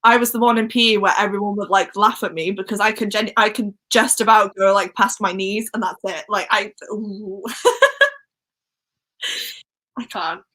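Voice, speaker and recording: A woman's voice: medium pitch, fairly even intonation, moderate pace, pushed and bright, rough recording. A young woman with a Welsh accent hosting a casual book livestream, giggling and chatting as she reads out viewer comments. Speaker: book channel host.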